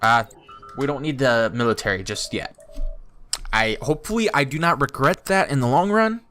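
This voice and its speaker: A man talking through a strategy game for his channel, chatty and thinking aloud, with bursts of excited exclaims. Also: medium pitch, moderate pace, faint music behind. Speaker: YouTuber playing a strategy game. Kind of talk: let's play commentary.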